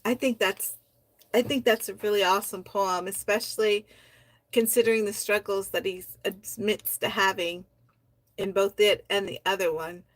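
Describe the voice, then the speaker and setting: A woman hosting a poetry livestream, reading members' poems aloud in a soft, heartfelt way and chatting about them between readings. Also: mid-range voice, steady tone, moderate pace, no echo. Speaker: host of a poetry society livestream.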